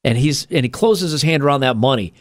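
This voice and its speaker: A man co-hosting a casual comedic podcast, telling stories in an animated, profane way. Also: mid-range voice, fast. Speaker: podcast co-host.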